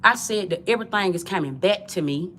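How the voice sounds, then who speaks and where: A woman's voice: lowish voice, animated, a little fast, a bit bright, a little hiss or hum. A woman from Georgia, delivering a preachy, repetitive livestream monologue in profane street talk, calling her viewers family. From Georgia, USA.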